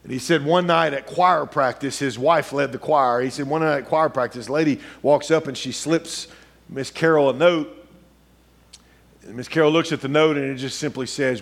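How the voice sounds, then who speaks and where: A middle-aged man preaching a sermon, telling a story quietly, then building into rising, urgent preaching. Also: mid-range voice, fairly quick, creaky, breathy edge.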